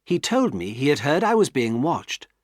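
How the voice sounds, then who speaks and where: A man narrating a graded-reader classic as an audiobook, with clear, measured storytelling. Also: on the high side, big pitch swings, no echo, studio quality.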